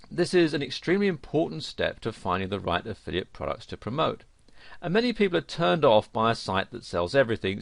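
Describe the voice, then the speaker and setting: Low-voiced guy teaching an online course, earnest and direct, dry close mic. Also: vocal fry, dry recording. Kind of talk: instructional lesson narration.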